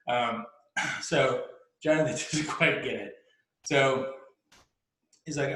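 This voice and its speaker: A man's voice: mid-range voice, very slow, pauses often, fairly bright tone. A man casually telling a long story, rambling with restarts, laughs and swearing. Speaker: podcast host telling a story. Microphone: laptop mic. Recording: echoey room.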